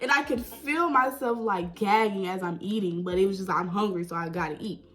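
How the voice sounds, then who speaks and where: A young woman telling a personal story in a chatty, animated way, full of "like" and "right?". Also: medium pitch, fairly quick, few pauses, low-quality recording. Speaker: vlogger. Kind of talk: casual storytime.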